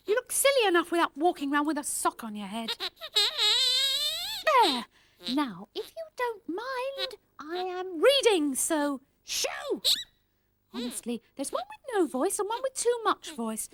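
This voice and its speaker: A woman's voice: extremely high pitch, huge pitch swings, takes it slowly, pauses often, a bit bright, slight background noise. A woman presenting a children's puppet show, prim and fussy, with careful, precise diction.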